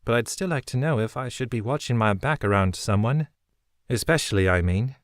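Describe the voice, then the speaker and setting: A man's voice: mid-range voice, animated, fairly quick, no room sound, clean studio sound, lightly acted. A man voicing a shrewd, wry young woman smuggler who talks in a chipper, blunt way.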